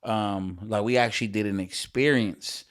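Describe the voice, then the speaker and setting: Man, rapper guest, casual podcast talk, low voice, easygoing, filler-heavy. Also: fairly even intonation, normal speed. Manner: laid-back, heavy use of fillers and swearing.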